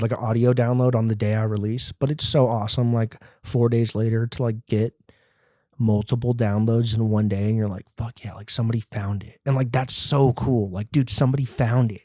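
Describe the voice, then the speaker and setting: A man's voice: medium pitch, mellow, no echo, clean studio sound. A man in his twenties hosting a solo podcast, rambling, profane and self-deprecating. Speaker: podcast host. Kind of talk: casual solo podcast monologue.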